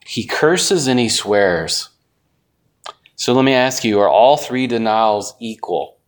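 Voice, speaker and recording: A man's voice: mid-range voice, lively intonation, takes it slowly. A man teaching a conversational Bible lesson, folksy and asking his class rhetorical questions.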